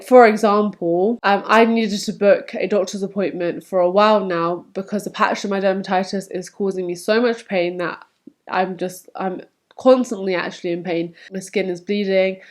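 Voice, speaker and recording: A young woman talks straight to her camera in a candid, chatty vlog. Her voice sits at a middle pitch, and she slips into animated little quotes when recounting conversations. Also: normal speed. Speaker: vlogger.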